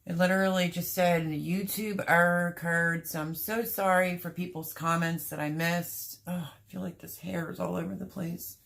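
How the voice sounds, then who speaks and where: A woman hosting her homestead livestream, chatting casually with viewers, apologetic, emotional and flustered, her voice rough and a little choked up. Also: fairly low pitch, fairly even intonation, normal speed, hardly any pauses, fairly bright tone. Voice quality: rough, gravelly voice. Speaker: homestead channel host.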